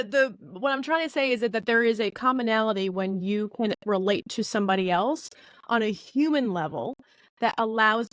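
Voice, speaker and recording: A woman speaking as a networking coach in an interview, blunt and lively, acting out quoted conversations in sudden higher voices. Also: no room sound. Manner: blunt, with occasional swearing. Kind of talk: candid interview talk.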